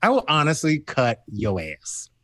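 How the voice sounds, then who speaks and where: A man co-hosting a casual chat, telling stories with lively, sassy energy and jumping into high voices to mimic friends. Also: measured pace, noisy background. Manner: animated storyteller, high mocking impressions of friends. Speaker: podcast co-host.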